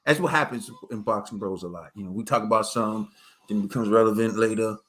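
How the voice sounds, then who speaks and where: Bright-voiced man commenting on boxing footage. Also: lowish voice, fast talker. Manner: laid-back, conversational, repeats himself. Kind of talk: casual commentary over video.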